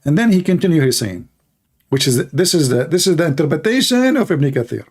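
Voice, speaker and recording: A man's voice: a little high, animated, a little fast, a little mellow, breathy edge. A man giving sarcastic, mocking livestream debate commentary in broken English. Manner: broken, non-native English phrasing. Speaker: online debater.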